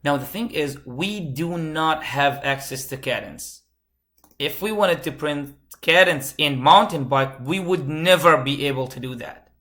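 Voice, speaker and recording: A man's voice: a little high, a little slow, fairly bright tone. A man instructor giving a live coding lecture, repeating key phrases and asking the class questions. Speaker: computer science instructor.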